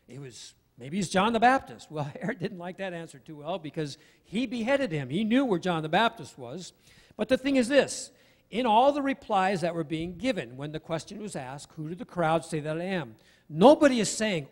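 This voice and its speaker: A man's voice: high voice, in a large hall. A man preaching a sermon as pastor, in a conversational way with asides to the congregation. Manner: conversational, with asides and acted-out quotes. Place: church sanctuary.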